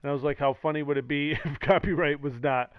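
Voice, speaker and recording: A man's voice: fairly high pitch, steady tone, fast, no room sound. A man streaming, rambling casually with sarcastic jokes and acted-out quotes. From the Valley. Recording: dull lo-fi mic, dry.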